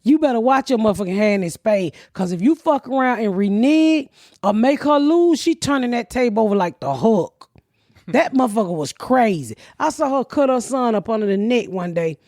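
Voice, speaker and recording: A woman in her fifties, a podcast host, telling profane stories with loud laughter. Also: fairly high pitch, animated, moderate pace, dry recording, studio quality. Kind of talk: casual storytelling chat.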